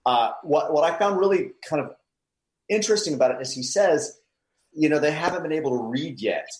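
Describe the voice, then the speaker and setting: A man's voice: on the high side, animated, brisk, reverberant. A man co-hosting a casual movie podcast over a video call, rambling and repeating words as he thinks. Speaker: podcast co-host. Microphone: home mic on a video call.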